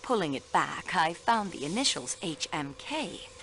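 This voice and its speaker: An actress playing a sharp young female railway clerk questioning suspects in a video game, precise and polite. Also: on the low side, big pitch swings, unhurried, slight background noise, exaggerated voice. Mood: pressing.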